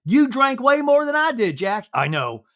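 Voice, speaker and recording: A man putting on the voice of an upset young woman from reality TV, high and pleading. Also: very animated, moderate pace, fairly bright tone, exaggerated voice. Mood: hurt.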